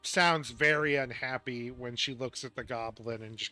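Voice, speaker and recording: A man narrating as game master in a tabletop game, halting and restarting his phrases. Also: mid-range voice, steady tone, sharp tone, clean tone, soft background music.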